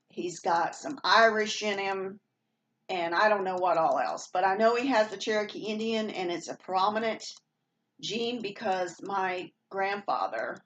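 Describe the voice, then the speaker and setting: A woman vlogger, born in Maine and raised partly in Rhode Island, chats casually with a slight Southern twang. She rambles, using fillers and restarting sentences. Her voice is on the low side, and there's a little hiss or hum in the recording.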